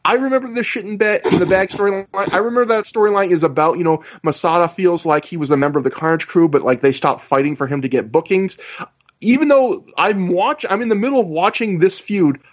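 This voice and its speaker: A man's voice: high voice, expressive, fast. A man hosting a podcast, chatting casually with many hedges and fillers. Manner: hedging, filler-heavy. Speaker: podcast host. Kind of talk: casual chat reviewing wrestling. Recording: dull lo-fi audio.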